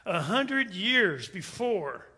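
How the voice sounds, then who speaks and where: A man's voice: high-pitched, very animated, drawn-out words, sharp tone. A man preaching a sermon, opening with a joke and then speaking in an earnest, emphatic way. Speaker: pastor.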